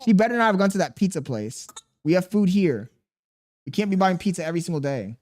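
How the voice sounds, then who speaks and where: A man's voice: sits high, lively intonation, quick pace, darkish tone. A man livestreaming in casual chat, reading his viewers' messages aloud and muttering to himself in an exasperated, profane way.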